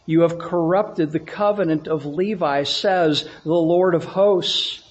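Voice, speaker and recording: A man's voice: on the high side, slow, highs cut off. A male pastor preaching a sermon to his congregation, repeating phrases for emphasis and asking the room questions. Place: church sanctuary with congregation.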